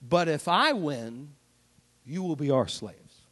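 A preacher putting on a low menacing giant. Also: male voice, animated, slow, a bit bright, big-room sound, full character voice. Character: boastful giant warrior challenging an army.

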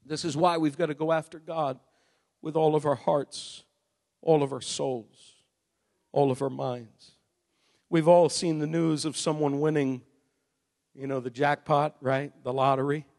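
A male pastor delivers a sermon in a notably high voice. He moves between conversational asides and loud, emphatic peaks. The sound carries the long reverb of a large hall. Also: fairly even intonation, measured pace, gravelly, long pauses. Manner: preaching with swells into shouting.

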